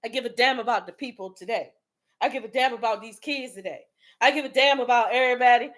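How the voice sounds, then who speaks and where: A woman's voice: a little high, quick pace, fairly bright tone. A woman host delivering an impassioned motivational rant in a fiery, preachy manner. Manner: fiery, preachy, street-talking.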